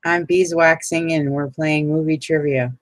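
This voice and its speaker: A middle-aged woman with a low, deep voice chats on while she crafts, rambling from one story to the next. She laughs easily and pokes fun at her own mistakes. The sound is dry and close. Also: fairly even intonation, a little slow, no room sound. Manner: chatty, rambling, laughs often, self-deprecating. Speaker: craft vlogger. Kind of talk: casual chat while crafting.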